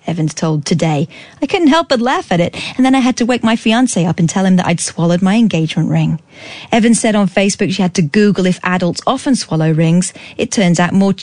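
A woman's voice: fairly low pitch, a little mellow, dry recording. A woman in her thirties with a British accent, hosting a late-night radio phone-in and telling stories in a jokey, chatty way. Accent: British English. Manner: chatty and jokey, storytelling with playful asides. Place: radio studio. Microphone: studio microphone.

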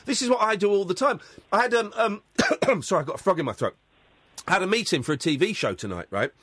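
A male radio host with a high, very animated voice drives his points home by repeating them again and again. The sound is close and bone-dry, straight from a studio mic. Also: fast talker, slightly rough, no room sound. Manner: emphatic, repetitive, urging. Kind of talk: phone-in talk radio.

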